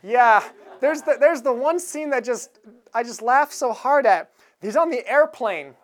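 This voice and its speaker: A woman's voice: a little high, lively intonation, unhurried. A woman giving a sermon in a conversational manner, chuckling now and then as she tells stories. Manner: conversational, chuckles while retelling a film scene. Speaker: preacher.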